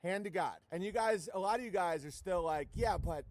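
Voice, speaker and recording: A man's voice: high-pitched, a little fast, a little hiss or hum. A man delivering a crude, mocking, profane rant on a livestream, full of sarcasm. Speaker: livestream comedian. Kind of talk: crude ranting stream monologue.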